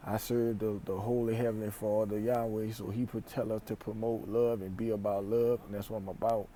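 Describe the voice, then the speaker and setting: Young man, Louisiana accent, dark mellow tone, casual animated vlogger with slang, phone-recorded in a store. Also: fairly low pitch, brisk, a little hiss or hum. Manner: animated, emphatic, repeats phrases, speaks in slang. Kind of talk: casual vlog monologue. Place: store aisle, indoors.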